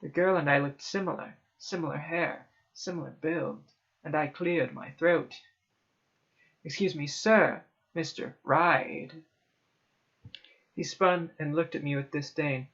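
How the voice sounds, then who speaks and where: A man's voice: fairly high pitch, fairly even intonation, normal speed, creaky. Man reading a horror story, lo-fi. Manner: dramatic first-person narration, hushed at tense moments. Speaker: story reader. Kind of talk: horror story read aloud.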